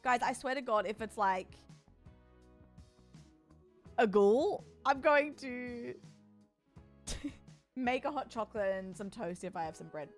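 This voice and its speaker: A young woman streaming a game, chatty and excitable, breaking into frightened screams. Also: fairly high pitch, moderate pace, soft background music. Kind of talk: casual live-stream chat while gaming.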